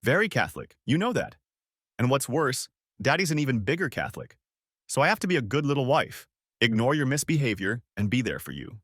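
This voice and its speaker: A man's voice: medium pitch, big pitch swings, brisk, fairly bright tone, husky, dry recording. A man voicing a cold, scornful wife with a cutting, sarcastic delivery, in a dry close recording.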